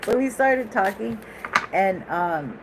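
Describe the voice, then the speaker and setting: A woman's voice: medium pitch, expressive, takes it slowly, very noisy. A woman giving a casual tarot reading in a chatty, rambling way, laughing often and going off on asides. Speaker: tarot reader.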